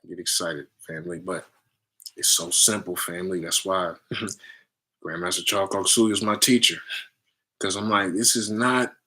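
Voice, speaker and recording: A man hosting a casual spiritual talk with his community, animated and preachy, often checking in with "right?" and "family.". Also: fairly low pitch, husky. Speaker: livestream host talking to his community.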